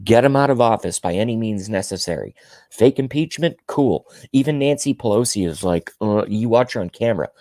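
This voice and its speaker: A man with a low-pitched voice rants his way through a political monologue, emphatic and indignant, hammering his points by repeating them. The sound is dry and close, with no room around it. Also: animated, fairly quick, mellow, no echo. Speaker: political commentary vlogger. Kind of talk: ranting monologue.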